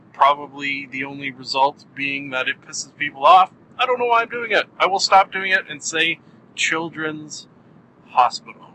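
Bright, playful male podcast host. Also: medium pitch, slight background noise, low-quality recording. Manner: playful and self-mocking, with jokey asides. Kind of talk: solo podcast monologue.

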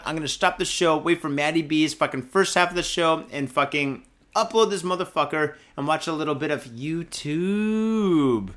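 Slightly drunk guy ranting and swearing nonstop on his podcast, kinda high voice. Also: lively intonation, moderate pace, a bit bright. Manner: foul-mouthed, ranting, keeps swearing and repeating himself. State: tipsy. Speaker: podcast host. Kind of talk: profane comedic news rant.

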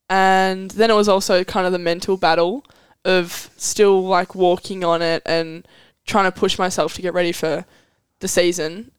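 A woman's voice: on the low side, clear, resonant tone, dry recording. A teenage girl with an Australian accent, hosting a casual chat and rambling through stories with giggles. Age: teens. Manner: chatty, giggly, rambling storyteller. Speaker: podcast host.

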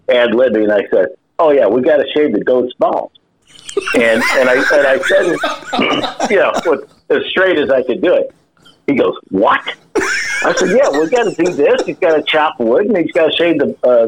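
A man's voice: mid-range voice, big pitch swings, normal speed, background noise. A man telling a funny story in casual podcast chat, laughing often and repeating his words as he goes. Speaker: podcast guest.

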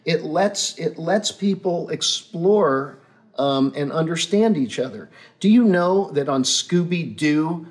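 A man who is a guest in a casual chat, speaking in earnest, philosophical pronouncements. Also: on the high side. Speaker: guest playwright.

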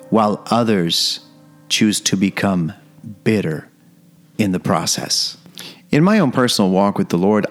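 A man delivering a devotional sermon at an unhurried pace. He speaks earnestly, repeating phrases as his fervor builds. Soft music plays faintly behind him. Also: on the low side. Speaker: preacher.

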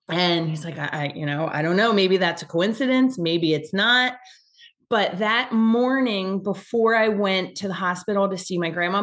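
Her mid-range voice has a slightly bright quality as this young woman rambles through a personal story. The telling is casual, packed with fillers and false starts, and at times she gets choked up.

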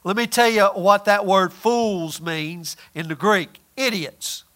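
A man with a high, bright voice delivers a sermon to his congregation. He talks in a folksy, emphatic way, punching some points loudly and dropping others to a near murmur. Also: takes it slowly. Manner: folksy and emphatic, swings between loud and quiet. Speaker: preacher.

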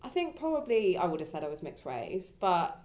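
Low-voiced young woman, rambling. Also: brisk. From England. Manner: reflective and rambling, high and lively when quoting others. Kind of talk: casual conversation.

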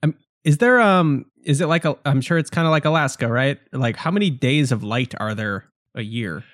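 A man's voice: mid-range voice, animated, moderate pace, fairly bright tone, no room sound, studio quality. A man co-hosting a casual podcast, asking playful, goofy questions. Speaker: podcast co-host.

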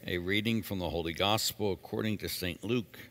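A very deep-voiced priest reads scripture with a solemn, measured delivery, then preaches earnestly. His voice rings out with a long church reverb. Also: a bit bright, slight background noise. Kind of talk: liturgical reading and homily.

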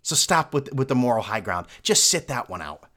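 A man's voice: mid-range voice, big pitch swings, a little fast, sharp tone. Sarcastic man ranting on a podcast. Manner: sarcastic, mocking, with mimicked fan voices. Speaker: podcast host. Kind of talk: solo sports rant.

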